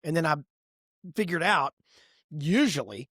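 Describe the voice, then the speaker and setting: A middle-aged man talking with a husky, slightly breathy voice that swings up and down as he tells stories. His podcast delivery is animated and expressive, recorded close on a dry studio mic. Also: fairly high pitch, measured pace, no echo. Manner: animated storyteller, lively and expressive. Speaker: podcast co-host. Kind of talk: casual podcast conversation.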